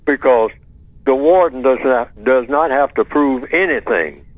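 A man talks over a thin, tinny phone line with a dry sound and no room around it. He lectures at a measured pace as a radio guest, posing rhetorical questions and answering them himself. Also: medium pitch, no echo. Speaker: guest expert on call-in radio. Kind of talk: talk radio discussion. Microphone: telephone.

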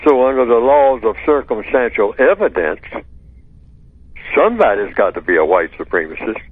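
A man speaks down a dry, tinny telephone line. His voice swings widely in pitch as he builds his argument step by step and keeps posing rhetorical questions. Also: very animated, no room sound. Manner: emphatic, deliberate, asks rhetorical questions. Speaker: radio guest answering a listener question. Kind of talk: call-in radio explanation.

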